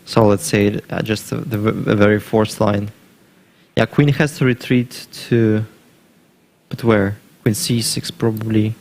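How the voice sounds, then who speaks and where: Low gravelly male chess commentator. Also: little pitch movement, darkish tone. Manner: thinking aloud through variations, measured.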